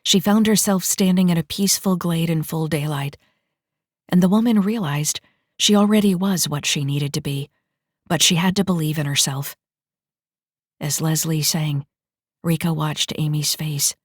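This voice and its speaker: A woman narrating an audiobook in a steady, measured reading. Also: deep voice, dry recording, studio quality.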